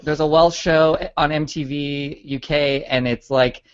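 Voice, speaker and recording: A man's voice: on the high side, fairly even intonation, measured pace, smooth, lo-fi sound. A man on a book club panel, chatting playfully and joking. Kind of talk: casual chat.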